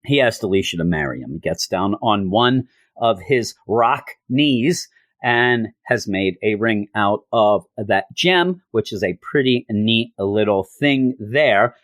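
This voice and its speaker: A man's voice: on the low side, lively intonation, slow pace, fairly bright tone, no room sound. A man chatting casually as he reviews a comic, retelling scenes loosely and slipping into quoted lines. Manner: loose with fillers and restarts.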